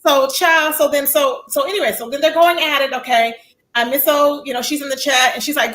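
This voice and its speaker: A woman hosts her own livestream in a casual, sassy way. Her voice sits high and sounds bright and forceful. She chats freely and reads viewers' comments aloud. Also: expressive, brisk, rough recording. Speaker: livestream host.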